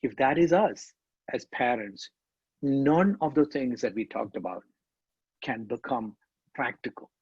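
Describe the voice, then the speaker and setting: A man's voice: medium pitch, animated, unhurried, pauses often, darkish tone, breathy edge, no echo, muffled recording. A man speaking to parents in a church talk, emphatic, repeating and stressing his key words.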